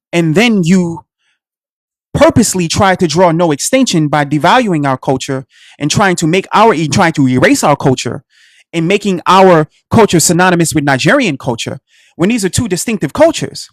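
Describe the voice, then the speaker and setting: A man's voice: on the high side, no echo, studio quality. Preachy man with a Black American accent. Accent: Black American English. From United States. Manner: preachy, addresses listeners as family. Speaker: radio show host. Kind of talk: impassioned monologue.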